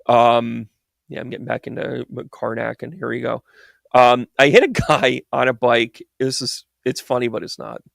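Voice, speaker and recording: A man with a gravelly, creaky voice tells a story in a loose, meandering way. He wanders off topic and trips over his words as he goes. The sound is dry and close, with no room echo. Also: medium pitch, fairly even intonation, moderate pace, fairly bright tone. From United States. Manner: rambling and digressive, restarts, laughs at his own story. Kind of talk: casual storytelling monologue.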